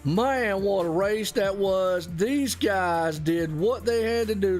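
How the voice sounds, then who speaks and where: A man doing live play-by-play commentary on a sim race, folksy and excitable, dropping y'all and ain't as he talks. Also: high voice, slow pace, few pauses, faint music behind.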